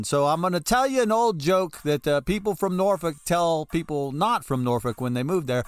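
A man hosting a casual political commentary show, reading news aloud in an animated, jokey manner. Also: moderate pace, few pauses, smooth, no echo, soft background music. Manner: animated, jokey, swings between high excited bursts and low soft sign-offs.

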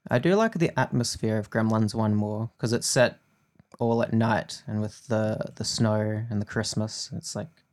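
A man co-hosting a casual movie podcast, talking in a relaxed, rambling way with fillers. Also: lowish voice, unhurried. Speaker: podcast co-host.

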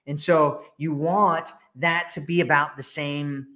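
A man's voice: a little high, fairly even intonation, takes it slowly, sharp tone. A man hosting a dating advice podcast, talking casually with many fillers and restarts. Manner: chatty, lots of fillers and restarts.

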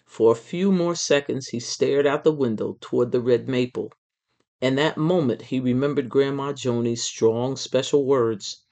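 A storyteller reading a children's book aloud in an expressive, measured way. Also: medium pitch.

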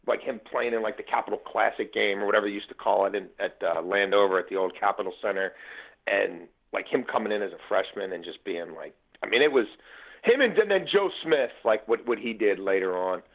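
A man's voice: on the low side, quick pace. A man in his forties from the Baltimore area, a podcast guest telling sports memories in casual talk, full of fillers and restarts. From Baltimore area, USA. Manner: animated storyteller, frequent fillers and restarts. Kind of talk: casual conversation. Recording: tinny phone-line audio.

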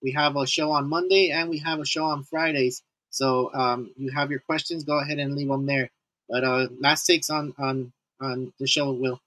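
A man's voice: medium pitch, level tone, moderate pace, sharp tone, dry recording, poor audio. A man co-hosting a casual fantasy baseball podcast, laughing often and restarting his sentences. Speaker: podcast co-host. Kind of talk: casual sports chat.

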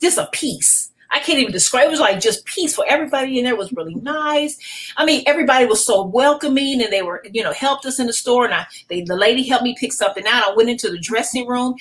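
In a rough recording, a middle-aged woman pastor with a slightly high voice appears as a podcast guest. She shares her personal testimony animatedly and emotionally, frequently starting her sentences over.

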